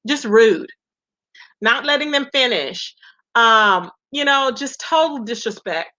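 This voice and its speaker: Bright-voiced woman gossiping on a livestream. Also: a little high, expressive, slow, lo-fi sound. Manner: chatty, greets viewers by name, calls them "baby" and "y'all". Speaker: livestream commentary host. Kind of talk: casual livestream gossip commentary.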